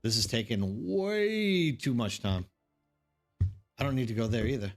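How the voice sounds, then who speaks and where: A man's voice: medium pitch, lively intonation, measured pace, faint music behind. A man streaming a game live, chatting casually and rambling to his viewers, calling them by name.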